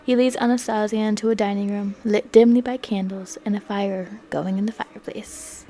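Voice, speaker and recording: A young woman narrating a story in soft ASMR whispers. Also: mid-range voice, fairly even intonation, moderate pace, slight background noise. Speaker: ASMR creator.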